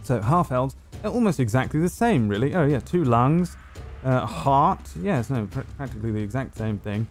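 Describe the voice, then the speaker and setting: A man's voice: medium pitch, big pitch swings, moderate pace, soft background music, close to an everyday voice. A man voicing an absent-minded male scholar who mutters half to himself, in a tabletop game. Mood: musing.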